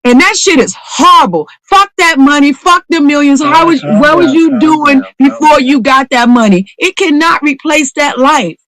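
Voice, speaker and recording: A woman's voice: high-pitched, normal speed, hardly any pauses, fairly bright tone, dry recording, poor audio. Fired-up woman venting with raw profanity. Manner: heated, profane, repeats phrases for emphasis. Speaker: audience member in a live audio room. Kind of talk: impassioned call-in venting.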